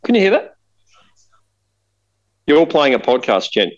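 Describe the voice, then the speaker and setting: Animated Australian man telling a story. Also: fairly high pitch, a little slow, highs cut off. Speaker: podcast co-host. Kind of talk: casual storytelling.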